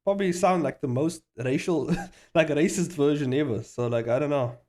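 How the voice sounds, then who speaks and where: A man's voice: on the high side, moderate pace, a little mellow. A man chatting casually to his livestream viewers, rambling, laughing often and swearing freely. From South Africa. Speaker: streamer.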